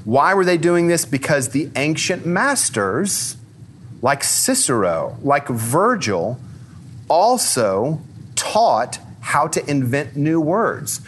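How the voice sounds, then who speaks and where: A man with a somewhat high voice gives an interactive talk to a live audience. He sounds lively and conversational, scatters fillers through his sentences, and keeps throwing questions to the room. A faint background hiss sits under the recording. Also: takes it slowly. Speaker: speaker giving a talk.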